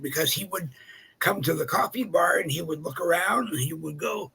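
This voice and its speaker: Gravelly, husky man from California. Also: a little high, moderate pace, sharp tone, low-quality recording. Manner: chatty anecdotal storytelling. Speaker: co-host. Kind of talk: casual chat.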